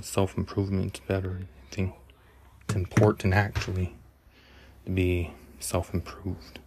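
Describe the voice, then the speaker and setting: A man hosting a solo podcast, rambling and halting, correcting himself and often dropping into a whisper. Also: deep voice. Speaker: podcast host.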